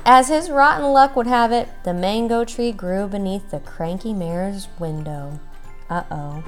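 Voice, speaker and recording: A young mother reading a children's story aloud, expressive and gentle, pausing to chat with her child. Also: medium pitch, faint music behind. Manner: gentle, expressive, chatting with the child between pages.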